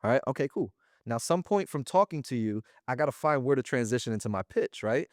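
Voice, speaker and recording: A man talking as an interview guest about running a sales business, in slangy, animated casual speech. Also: medium pitch, a little fast, dry recording, studio quality. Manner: slangy and animated, often acting out little quoted exchanges.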